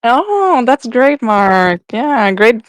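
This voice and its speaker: Woman, French accent, podcast guest, slow hesitant speech, smooth clear voice, dry sound. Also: mid-range voice, no echo. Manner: hesitant, searching for words, laughs often. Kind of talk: casual chat.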